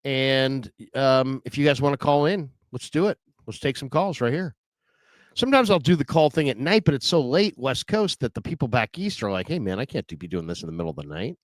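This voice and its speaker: A man's voice: mid-range voice, expressive, fairly quick, dry recording. A man hosting a solo sports livestream, chatting in a rambling, casual way with lots of fillers. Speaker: podcast host.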